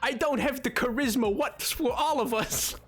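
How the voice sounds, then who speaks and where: A man streaming a game live, chatting with his viewers in an excitable, playful, self-mocking way. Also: very high voice, moderate pace, soft background music.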